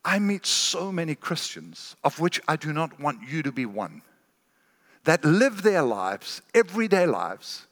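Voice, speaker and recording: A man's voice: fairly high pitch, fairly bright tone. A man preaching a sermon as a guest speaker, earnest and often repeating words as he starts a phrase. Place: large church hall. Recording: long church hall reverb.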